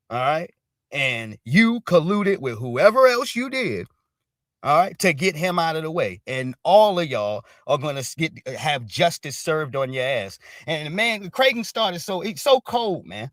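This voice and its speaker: Male host, slightly high voice, casual emphatic stream chatter with constant "all right?" tags, dry sound. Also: very animated, normal speed, no room sound. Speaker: show host. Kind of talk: casual livestream commentary.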